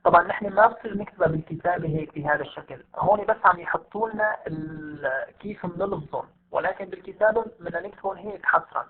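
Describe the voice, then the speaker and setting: High-voiced teacher on a tinny line. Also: male voice, racing, few pauses, a crowd in the background. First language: Arabic. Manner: repetitive, explains step by step with many fillers. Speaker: English teacher. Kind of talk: online class lecture.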